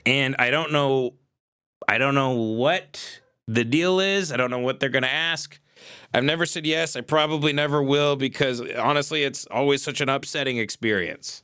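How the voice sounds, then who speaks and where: A man hosting a livestream on a desk mic, ranting in a profane, exasperated way and shouting at times. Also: mid-range voice, moderate pace, smooth. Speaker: livestream host. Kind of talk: casual ranting monologue.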